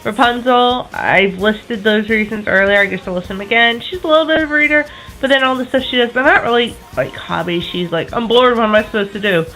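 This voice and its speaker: A woman in her twenties chatting casually to camera as a vlogger, enthusiastic, with quick self-correcting asides. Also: on the high side, lively intonation, fairly bright tone, faint music behind, rough recording.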